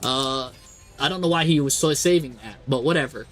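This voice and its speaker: A man streaming live, commentating a card game match and talking to the players on screen in an exasperated, animated way. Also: mid-range voice, brisk, soft background music.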